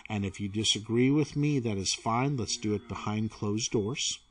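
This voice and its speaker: A man voicing an earnest female colony mayor who pleads and persuades in a measured way. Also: fairly low pitch, lightly acted. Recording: voice from away from the mic.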